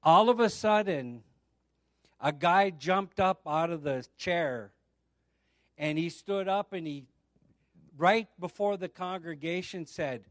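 A middle-aged male preacher with a high voice delivers a sermon built around a personal testimony. He tells it as a story and acts out the other people's lines as he goes. The recording is dry and close, with no room sound. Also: takes it slowly, pauses often, dry recording.

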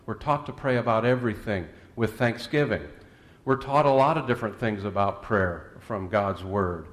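A man's voice: lowish voice, normal speed. Folksy preacher man, joking and earnest. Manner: folksy, tells jokes and anecdotes between scripture and prayer. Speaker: pastor. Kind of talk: sermon.

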